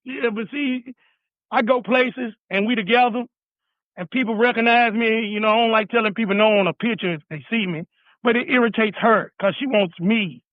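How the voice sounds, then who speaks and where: A man's voice: high-pitched, normal speed, dry recording. A laid-back man, a guest chef talking casually over the phone while driving in his car, often saying "man". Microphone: phone call. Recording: dry tinny phone line.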